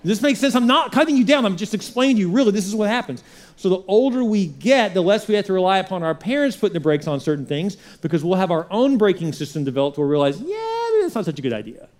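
A man's voice: sits high, fast talker. A middle-aged man, a pastor, preaching a conversational sermon and repeating rhetorical questions to the congregation.

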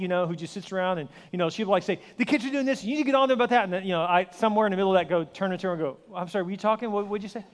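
A man in his forties, a pastor preaching a sermon with energetic storytelling and self-deprecating humor. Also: sits high. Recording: long hall reverb.

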